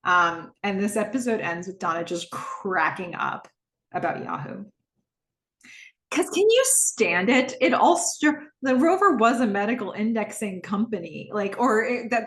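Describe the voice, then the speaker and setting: In a reverberant recording, a woman with a medium-pitched voice hosts a podcast recap of a TV episode. Amused and lively, she acts out the characters' lines in changing voices as she retells scenes, laughing frequently.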